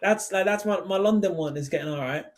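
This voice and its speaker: A man's voice: sits high, fast. A young man in his twenties, a podcast guest and songwriter, talking casually, rambling with lots of fillers and poking fun at himself. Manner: rambling, filler-heavy, self-deprecating.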